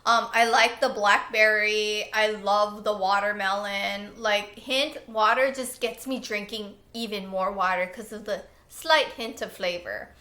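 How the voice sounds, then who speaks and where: A young woman chatting excitedly about her favorite products, laughing often. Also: medium pitch, unhurried, hardly any pauses. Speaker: lifestyle vlogger. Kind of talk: casual favorites chat. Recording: echoey room.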